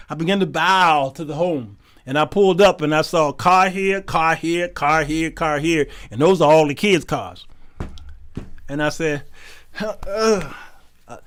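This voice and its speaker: Animated man telling a funny story. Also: high-pitched. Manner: animated, laughing often, acting out quoted voices. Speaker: show host. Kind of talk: comic storytelling.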